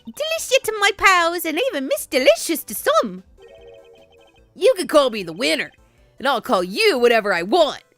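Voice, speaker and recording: A woman's voice: sits high, sing-song, moderate pace, fairly bright tone, faint music behind, pitched above the performer's own voice, heavily acted. A woman voicing a grandiose, self-promoting female pharmacist in a game read-through. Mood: flirty.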